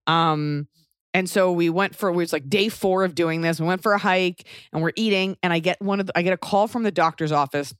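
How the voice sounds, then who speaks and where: A woman's voice: on the low side, brisk, clear, resonant tone, no room sound, clean studio sound. A woman in her thirties telling a personal story in a casual, wry way, acting out other people's voices as she goes.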